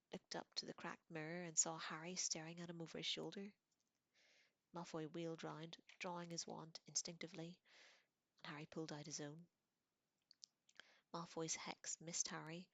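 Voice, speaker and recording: A woman reading a novel aloud dramatically, dropping into hushed whispers for tense passages. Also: on the low side, creaky, dry recording. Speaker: reader.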